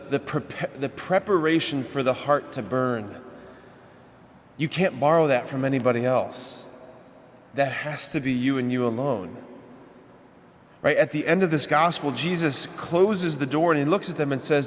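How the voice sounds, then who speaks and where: A man's voice: a little high, in a large hall. A man, a priest, preaching a homily in a conversational way, asking the congregation rhetorical questions. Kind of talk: sermon. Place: church.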